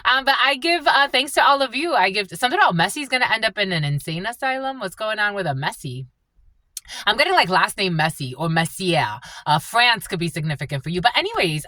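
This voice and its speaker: Woman doing a channeling livestream, bright voice, laughs a lot, dry close sound. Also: fairly quick, no echo. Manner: animated, laughs often, shifts between gushing and low prayerful tones. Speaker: spiritual channeler. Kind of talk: live channeling reading.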